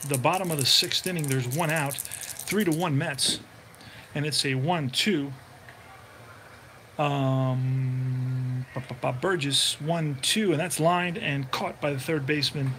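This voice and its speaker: A man narrates a tabletop baseball game like a radio announcer, calling each roll and play in a relaxed, chatty manner. His voice sits a little higher than most men's. A faint hiss of noise runs under the recording. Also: slow pace, pauses often. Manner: relaxed, chatty, thinks aloud while looking things up.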